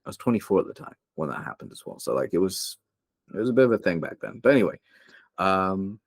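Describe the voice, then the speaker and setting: Deep-voiced young man telling a raw story. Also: big pitch swings, quick pace, gravelly, breathy edge, dry recording, studio quality. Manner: open, emotional, rambling with many fillers. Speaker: podcast guest, copywriter. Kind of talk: candid interview storytelling.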